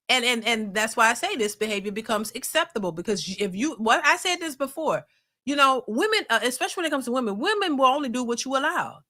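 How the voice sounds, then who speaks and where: Bright-voiced rambling New woman. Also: high voice. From New Orleans, USA. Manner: rambling, many fillers and restarts. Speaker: reaction channel host. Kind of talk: casual commentary reading live chat.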